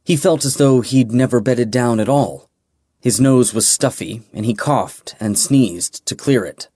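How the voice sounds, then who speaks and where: Slow, measured male narrator. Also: mid-range voice, dark tone, husky, no room sound, studio quality. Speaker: audiobook narrator. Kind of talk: scripted fantasy narration.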